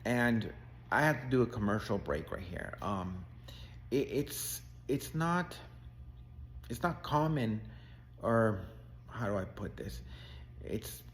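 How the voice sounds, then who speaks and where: A man's voice: fairly low pitch, slight background noise. Earnest male life coach telling a story. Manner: earnest, emphatic retelling. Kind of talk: casual storytelling.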